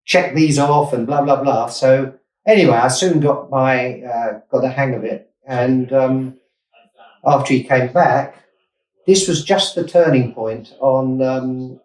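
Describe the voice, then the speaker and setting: A man's voice: mid-range voice, slow pace, darkish tone. This is a man in his sixties from Essex, England, reminiscing about his working life as a guest in an interview. He rambles, corrects himself mid-phrase and goes off on asides. He sits back from the mic in a room with noticeable echo. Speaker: investor and startup founder, guest. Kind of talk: anecdotal interview storytelling. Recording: roomy, distant mic.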